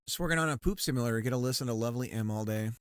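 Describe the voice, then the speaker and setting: A man's voice: medium pitch, very fast, clean tone, no echo, clean studio sound. A man chatting casually on a livestream while working on a game, rambling and laughing often, with many restarts. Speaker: streamer.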